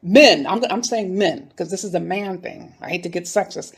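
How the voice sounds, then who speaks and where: Her voice is lowish with a breathy edge, and she talks at normal speed. This North Philadelphia woman is a YouTube commentator delivering heated, indignant commentary straight to her audience in a casual video.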